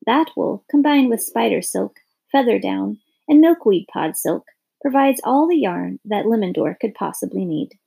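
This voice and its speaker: Female storybook narrator, gentle pacing, husky and gravelly tone. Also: mid-range voice, expressive, normal speed.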